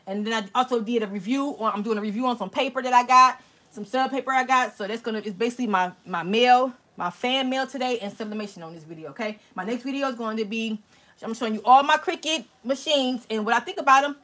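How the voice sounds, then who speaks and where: A woman hosting a casual live-stream crafting tutorial, chatty and excitable, talking straight to her viewers. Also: a little high, fast talker. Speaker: crafting channel host.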